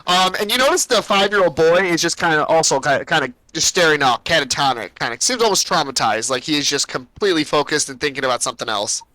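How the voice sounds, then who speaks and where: Bright-voiced man running a tabletop game. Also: on the high side, quick pace, hardly any pauses, no echo, rough recording. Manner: casual, rambling, with many fillers and laughs. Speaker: game master.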